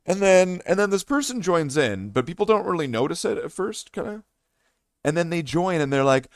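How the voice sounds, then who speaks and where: Excitable streamer dude telling a story, bouncy pitch, swears a lot, dry close sound. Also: male voice, normal speed, no echo. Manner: animated and swearing, with many restarts. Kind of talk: casual storytelling.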